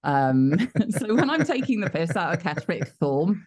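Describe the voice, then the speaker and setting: A woman's voice: lowish voice, big pitch swings, moderate pace, darkish tone, slightly rough. A British woman in her forties, a voice actor guest in an interview, talking candidly and chattily about her life and laughing at herself. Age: 40s. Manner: frank, chatty storyteller who laughs at herself.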